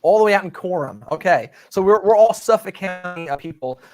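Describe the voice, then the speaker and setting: Guy hosting a live show, easygoing, slightly higher voice, dry sound. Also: brisk, dry recording, faint music behind. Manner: relaxed, chatty, laughs easily. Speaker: host.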